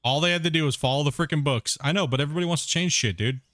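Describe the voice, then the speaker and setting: A gaming streamer chats casually while he plays, rambling and blunt, swearing when annoyed. His voice is a little high and a bit bright, and he talks very fast.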